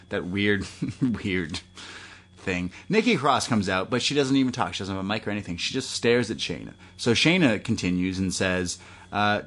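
A man's voice: on the low side, fairly bright tone. A man co-hosting a podcast, recapping wrestling in a rambling, joking way. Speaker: podcast co-host. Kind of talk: casual chat recapping wrestling.

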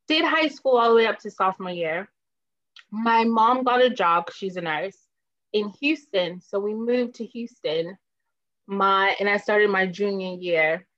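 Animated storyteller woman from Boston. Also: medium pitch, muffled recording. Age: 30s. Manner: animated storyteller, laughs often. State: slightly hoarse, clearing throat. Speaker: podcast guest. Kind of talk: casual chat.

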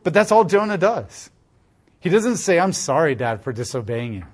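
A man's voice: fairly high pitch, big pitch swings, normal speed, breathy edge. Man giving casual, emphatic Bible teaching. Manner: reads scripture aloud and breaks in with casual, emphatic commentary. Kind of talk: sermon-style Bible teaching.

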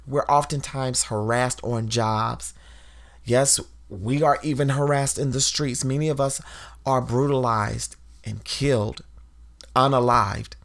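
A woman hosting a podcast, talking in an emphatic, preachy way straight to her listeners and calling them y'all, clearly emotional as she speaks. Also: rumbling low. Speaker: podcast host. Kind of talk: impassioned podcast monologue.

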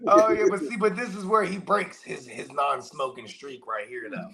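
A man joins a casual movie podcast and trades relaxed, joking banter. His voice sits slightly high. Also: moderate pace, gravelly, a crowd in the background, poor audio.

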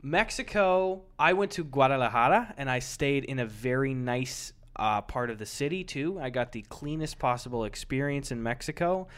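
A man's voice: mid-range voice, normal speed, hardly any pauses, fairly bright tone. A young man co-hosting a podcast in casual chat, laid-back and crude with dry jokes. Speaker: podcast co-host.

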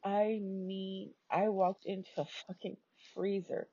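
A woman's voice: mid-range voice, little pitch movement, slow, warm tone, slightly rough, no room sound. A woman telling a story about her own experience in a casual, chatty way, swearing freely and using many fillers. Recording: dull lo-fi recording.

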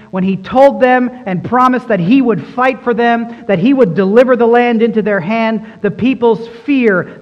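A man's voice: high-pitched, lo-fi sound. A man preaching a sermon as pastor, emphatic and fond of repeating phrases for stress. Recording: long reverb in a large hall.

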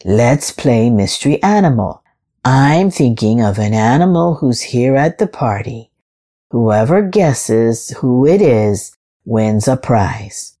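A woman voicing a slow, kindly turtle hosting a party in a storybook reading. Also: rumbling low, expressive, mellow, pitched below the performer's own voice, heavily acted. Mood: announcing. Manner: slow and measured. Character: slow, kindly old female turtle host.

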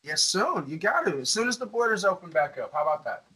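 A man hosts a casual interview over a remote call, easygoing and quick to laugh. He leans on filler words as he talks. His voice sits a bit high with a bright edge. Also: sing-song, breathy edge, rough recording. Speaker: host.

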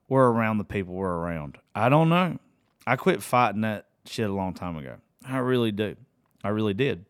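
A man's voice: lowish voice, clean tone, no room sound, studio quality. A middle-aged man, telling a personal story in a casual, rambling way, swearing freely and open about his feelings. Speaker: vlogger.

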